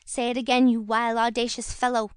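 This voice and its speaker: A woman's voice: a little high, level tone, quick pace, clear, resonant tone, no room sound, clean studio sound, lightly acted. A woman voicing a pompous, indignant male parish beadle who scolds and moralizes. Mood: outraged.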